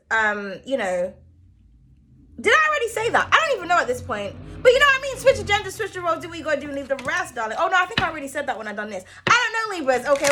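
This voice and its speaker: A young woman with a high voice gives her viewers a casual tarot reading against a noisy background. She's playful and loose, swears freely, and calls them darling.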